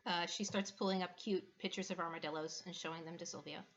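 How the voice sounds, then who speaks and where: A woman's voice: fairly low pitch, fairly even intonation, fast, highs cut off. A woman playing a tabletop game who talks playfully, stammering and laughing. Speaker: player. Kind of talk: casual tabletop game chat.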